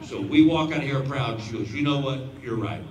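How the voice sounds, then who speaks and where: Fifty-something comedian in an echoey stadium. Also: male voice, mid-range voice, a little fast, a little mellow. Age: 50s. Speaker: stand-up comedian. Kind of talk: stand-up storytelling. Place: outdoor stadium stage. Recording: roomy, distant audience recording with crowd noise.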